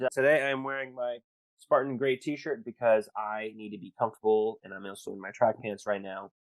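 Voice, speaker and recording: A man with a somewhat low voice chats in a relaxed, easygoing way as a guest. The sound is dry, with no room echo. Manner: laid-back, easygoing. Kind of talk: casual chat.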